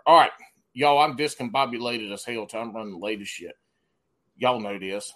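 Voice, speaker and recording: A man's voice: on the low side, moderate pace, a bit bright. Profane Southern man hosting a podcast. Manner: loose, profane storytelling. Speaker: podcast host. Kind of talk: casual podcast chat.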